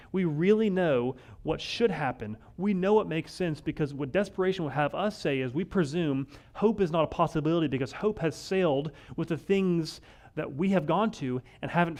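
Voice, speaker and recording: A male pastor giving a conversational sermon, wry and animated, often acting out the lines of the people in the story. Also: a little high. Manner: conversational, wry, acts out quoted voices.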